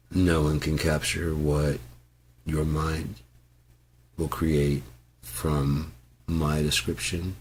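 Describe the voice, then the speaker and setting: A man from Michigan telling rambling, profane stories in a casual, animated way. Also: rumbling low, very slow, pauses often, husky. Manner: profane, animated, bursts into loud yells. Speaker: channel host.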